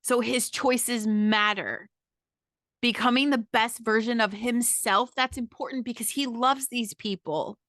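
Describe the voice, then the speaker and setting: A woman's voice: on the high side, steady tone, a little slow, fairly bright tone, no room sound, clean studio sound. Podcast host, woman, 30s, blunt and profane, vivid ringing tone. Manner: emphatic, profane, keeps asking "okay?". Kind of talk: casual monologue.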